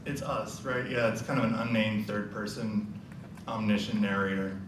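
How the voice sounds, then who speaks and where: A man presenting at a symposium, reading a story aloud and thinking out loud with the audience in a relaxed way. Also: lowish voice, normal speed. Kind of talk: casual talk with reading aloud. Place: lecture hall. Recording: echoey hall from far off, noisy.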